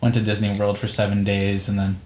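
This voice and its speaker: A woman's voice: rumbling low, completely flat delivery, fairly quick, darkish tone, reverberant, a little hiss or hum. A woman guest on a podcast, chatting in a reflective way. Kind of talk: casual chat.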